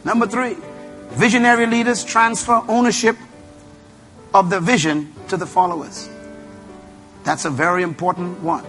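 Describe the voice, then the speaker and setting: A man's voice: high-pitched, fairly even intonation, moderate pace, pauses often, fairly bright tone, faint music behind. A man preaching a motivational sermon, emphatic and repetitive, who tells his audience what to write down. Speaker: preacher and leadership speaker.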